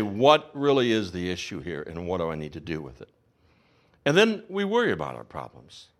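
A man in his fifties preaching a sermon, telling stories and acting out the voices of people in them. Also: mid-range voice. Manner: animated storytelling, acts out the voices of people in the story. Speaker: pastor.

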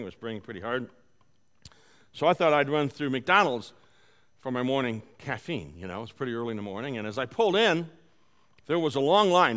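A man preaching a conversational sermon, telling a personal story and moving between soft, quiet stretches and loud, animated bursts. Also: a little high. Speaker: pastor. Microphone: live-streamed service.

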